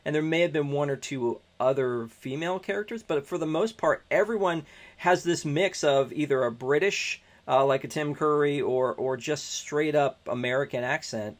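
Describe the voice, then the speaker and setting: A married man in casual conversation about a movie, talking loosely with lots of fillers. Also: on the high side. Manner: loose, filler-heavy chat. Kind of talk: casual movie review chat.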